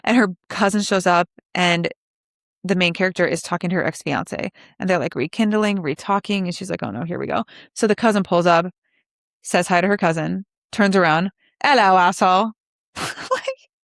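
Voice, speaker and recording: A woman's voice: medium pitch, no echo, clean studio sound. A young woman in her twenties hosting a podcast alone, chatting casually and animatedly with lots of likes and asides. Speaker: podcast host. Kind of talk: casual solo podcast chat.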